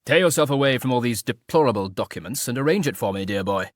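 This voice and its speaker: A man's voice: medium pitch, expressive, quick pace, close to an everyday voice. A man reading an audiobook voices an idle, teasingly ironic aristocratic marquis who talks in a mock-mournful drawl.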